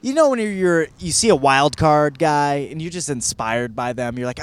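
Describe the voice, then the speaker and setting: A man's voice: fairly high pitch, lively intonation, moderate pace, smooth. A man in his thirties from Michigan, hosting a podcast and reviewing a book in a rambling, profane, self-deprecating monologue. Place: California.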